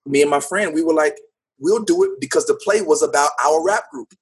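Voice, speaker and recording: A man, an actor and teacher, telling his story in a casual interview in an upbeat, animated way with frequent laughter. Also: fairly high pitch, fairly quick, husky. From United States.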